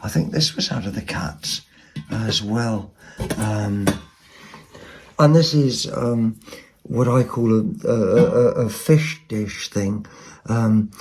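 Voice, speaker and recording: A man's voice: lowish voice, slow pace, pauses often, darkish tone, husky. A man giving a rambling, casual show-and-tell of second-hand finds at home, with lots of ums and asides. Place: home, at a table.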